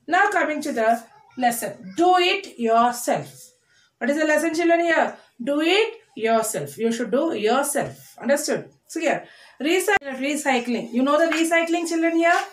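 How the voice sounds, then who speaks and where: A woman teaching a class to children. She speaks slowly and deliberately, repeating each word and breaking it into syllables. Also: high voice. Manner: slow, deliberate, repeats words and spells them out in syllables. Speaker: English teacher. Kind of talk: online classroom lesson. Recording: echoey room.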